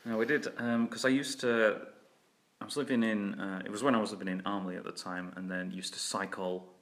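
A man's voice: lowish voice, steady tone, a little fast, a bit bright. A man hosting a podcast, chatting in a rambling way, swearing a lot and laughing often. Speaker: podcast host. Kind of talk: casual chat.

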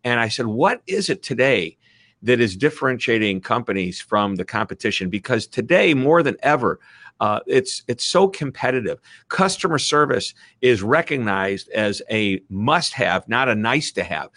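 Man, Midwestern American accent, middle-aged, interview guest, enthusiastic, bright tone, dry sound. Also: mid-range voice, normal speed, no echo. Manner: enthusiastic, animated. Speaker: author and guest speaker. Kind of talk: energetic interview talk. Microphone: video call.

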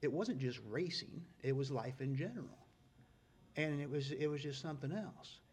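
A middle-aged man telling stories in a casual, folksy way, getting loud and excited at the punchlines. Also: on the high side, normal speed, husky. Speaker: guest storyteller. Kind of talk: casual storytelling.

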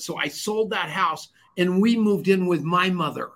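A man hosting a podcast, chatting and telling stories in an animated, boastful way. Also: high-pitched, moderate pace. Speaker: podcast host. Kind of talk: casual podcast conversation.

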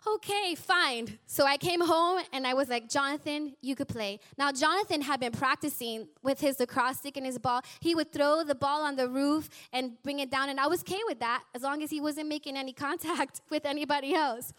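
A woman in her forties telling a personal testimony to a church congregation, animated and acting out the people she quotes. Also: sits high, a little fast, hardly any pauses. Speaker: church speaker sharing a testimony.

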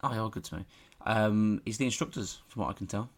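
A man's voice: lowish voice, a little fast, a crowd in the background. A man co-hosting a football podcast as its reporter, bantering in a dry, teasing way and laughing often. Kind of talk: casual football podcast chat.

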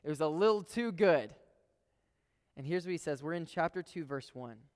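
A man's voice: a little high, animated, moderate pace, darkish tone, in a large hall. A man preaching a sermon in a casual, emphatic way, talking straight to his listeners and repeating phrases for stress.

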